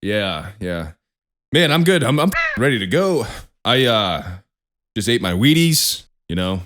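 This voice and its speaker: A man's voice: fairly low pitch, very animated, fairly bright tone. A young man co-hosting a podcast in casual, laid-back chat, often chuckling. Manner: laid-back, chuckling, quick rattled intro. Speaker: podcast co-host.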